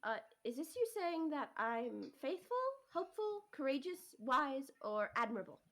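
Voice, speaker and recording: A gentle young woman talks sweetly and teasingly, as a woman plays her. Her voice is high and bright, with lively swings in pitch. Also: moderate pace, a little hiss or hum, exaggerated voice.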